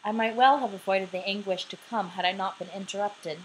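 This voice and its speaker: Her mid-range voice stays steady in tone and moves a little fast as she reads her own audiobook into a laptop microphone. She's a sleepy, casual young woman in her twenties, recording in her bedroom late at night and sometimes breaking off to apologize. The rough recording has a slight hiss or hum.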